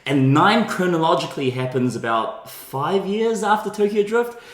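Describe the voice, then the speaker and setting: A man co-hosting a podcast, chiming in quickly and correcting details in a casual film chat. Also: high-pitched, expressive. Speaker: podcast co-host. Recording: roomy echo.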